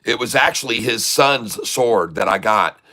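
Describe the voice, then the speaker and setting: A middle-aged man spins a rambling, casual anecdote, slipping into the voices of the people he quotes. His voice is bright and forward, sitting at an ordinary pitch for a man. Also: lively intonation, a little slow. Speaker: trading channel host. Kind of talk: casual storytelling.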